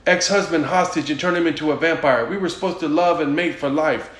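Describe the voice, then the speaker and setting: A man's voice: on the high side, brisk, close to an everyday voice. A man voicing an angry female ghost witch in a retold movie, in an echoey room. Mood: indignant. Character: angry ghost witch woman, scorned wife.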